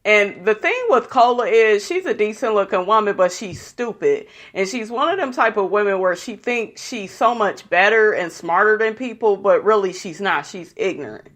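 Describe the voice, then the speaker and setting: A woman's voice: mid-range voice, animated, moderate pace, few pauses, a bit bright. A woman giving a casual, profane, gossipy recap of a reality show episode, blunt and opinionated about the people in it.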